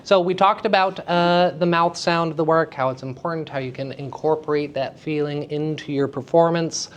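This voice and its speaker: A man leads a lecture for young drama students with lively, enthusiastic energy. He asks the class questions and pushes them on, while a faint hiss sits under his voice. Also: a little high, normal speed. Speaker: theater teacher giving a lecture. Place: school hall with student audience.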